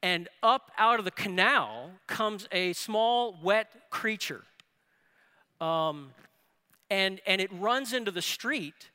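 Man, pastor, sermon, bright ringing voice, storytelling, long hall reverb. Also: high-pitched, clear, resonant tone. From New Orleans area. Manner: storytelling with rising excitement.

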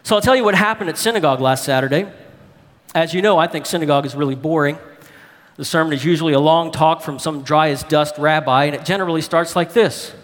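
A man's voice: on the high side, quick pace, fairly bright tone, voice pushed down, lightly acted. A man reading as a chatty young boy, echoing hall. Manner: chatty, plain-spoken storytelling. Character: young boy chatting in a letter to his uncle. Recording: long hall reverb.

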